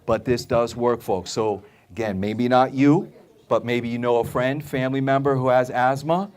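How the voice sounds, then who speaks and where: A man's voice: medium pitch, fairly even intonation, moderate pace, darkish tone, smooth. Man, live talk to an audience, emphatic, repeats himself, keeps asking okay, acts out customers. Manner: acts out customers' voices in anecdotes. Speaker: supplement store speaker.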